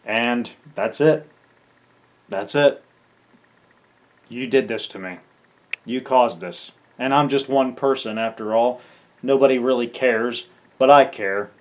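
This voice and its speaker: Pissed off gamer guy ranting at the camera, swearing, tripping over his words, mid-pitch voice. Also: takes it slowly, long pauses. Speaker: gaming content creator. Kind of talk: angry farewell rant to camera.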